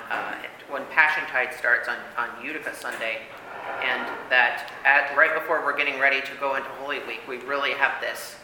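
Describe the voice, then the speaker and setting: A man leading a casual church Bible study, talking emphatically with many fillers and "right?" tags. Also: mid-range voice. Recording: echoey hall with faint room noise.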